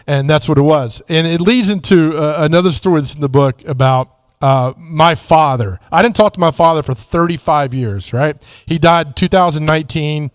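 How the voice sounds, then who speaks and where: A man's voice: a little high, normal speed, clear, resonant tone, no echo, studio quality. Middle-aged man telling stories. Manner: conversational, many asides and restarts. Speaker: guest speaker at church. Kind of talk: storytelling testimony.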